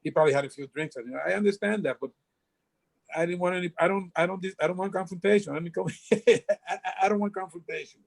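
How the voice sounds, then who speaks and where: An older man from the Dominican Republic is a guest on a casual storytelling interview, speaking quickly in a high, gravelly voice on a rough recording. He rambles, frequently restarting his sentences and repeating words.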